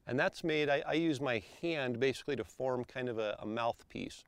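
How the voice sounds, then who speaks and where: A man calmly explaining elk calls step by step, as an instructor. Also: medium pitch, moderate pace, clean tone, no echo. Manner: calm, methodical, explains step by step.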